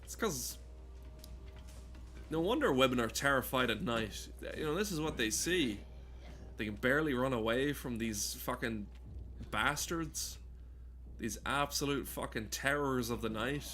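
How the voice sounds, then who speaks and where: Bright-voiced rambling male gamer. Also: medium pitch, a little slow, long pauses, soft background music. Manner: rambling, profane, tangent-prone jokes. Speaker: gaming streamer. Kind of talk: casual game commentary.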